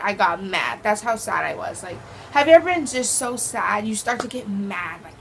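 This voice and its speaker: A woman's voice: on the high side, fairly bright tone, slight background noise, rough recording. A teenage girl vlogger telling a dramatic storytime, acting out the quoted voices. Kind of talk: casual storytime vlog.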